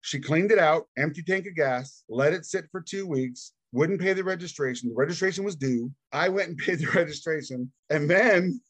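A man's voice: on the high side, moderate pace, few pauses, a bit bright, slightly rough, no echo. A man telling a long personal story as a podcast guest, acting out the voices of the people in it and laughing often. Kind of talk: casual storytelling interview.

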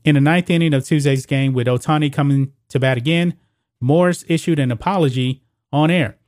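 A man's voice: fairly high pitch, brisk, a little mellow, no room sound, studio quality. A man hosting his own sports opinion channel, talking casually to viewers and reading news reports aloud with stumbles. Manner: reads news quotes aloud with stumbles and restarts. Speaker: sports commentary host.

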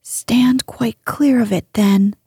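A woman voicing a practical, protective miner boy in a breathy whisper, as whispered role-play in a storybook reading. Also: a little high, fairly even intonation, slow pace, mellow, dry recording, clean studio sound, heavily acted. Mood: hushed, practical.

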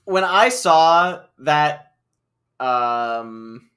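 Excitable podcast dude, voice jumps all over, laughs a bunch. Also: male voice, a little high, very slow. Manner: animated, excitable, laughs a lot. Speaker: podcast co-host. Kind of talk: casual recap chat.

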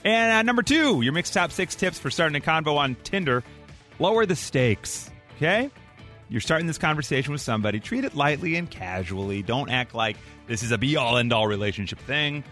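A male morning radio host with a bright, forceful voice that swings all over its range. He banters playfully with his co-hosts and reads out a countdown list with mock drama. Faint music sits under his voice. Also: on the high side, big pitch swings, fairly quick.

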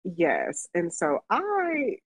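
Drawing out her words in a voice on the low side, a Las Vegas podcast co-host tells a story during relaxed conversation. She laughs a lot and livens up whenever she quotes herself, all captured in a dull, dry, lo-fi recording.

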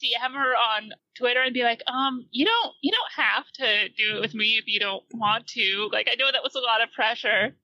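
Bright, giggly woman guest on a podcast. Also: on the high side, moderate pace, few pauses, no echo, rough recording. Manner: chatty, giggly. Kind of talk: casual podcast chat.

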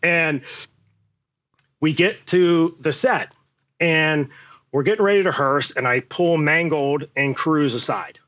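A male actor telling an animated set anecdote as a podcast guest, acting out quotes and swearing freely. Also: a little high, slow pace, pauses often, lo-fi sound. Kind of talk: storytelling anecdote.

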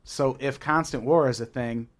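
A man's voice: mid-range voice, normal speed. A man in a casual comedic podcast chat, leading the topic and reading out facts.

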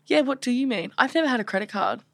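A young woman co-hosting a podcast in casual chat, teasing and blunt, quick to laugh. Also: fairly high pitch, expressive, a bit bright, dry recording, clean studio sound. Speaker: podcast co-host.

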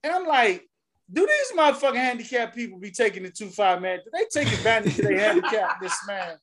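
A man's voice: high voice, big pitch swings, brisk, a bit bright. A man co-hosting a podcast, telling a long, profane story in casual banter. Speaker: podcast co-host.

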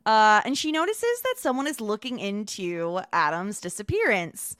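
A woman co-hosting a podcast, recapping a TV episode in casual chat with quick asides. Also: mid-range voice, big pitch swings, fairly bright tone, no echo, studio quality. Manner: chatty, quick asides with laughs. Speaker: podcast co-host.

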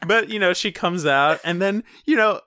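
A man's voice: sits high, normal speed, pushed and bright. A man co-hosting a casual film discussion, swearing often, laughing, and acting out quoted lines. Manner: profane, laughing, acts out quoted voices. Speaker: podcast co-host.

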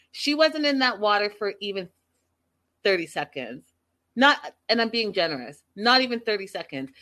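A woman's voice: medium pitch, sharp tone. A woman recapping a reality show episode for her viewers in a casual, gossipy, incredulous way.

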